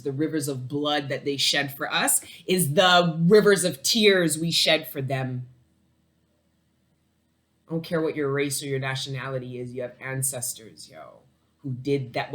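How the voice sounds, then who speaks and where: Rambling, swearing woman tarot reader. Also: a bass voice. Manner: rambling, profane and emotional, laughs often. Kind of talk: casual tarot reading to camera.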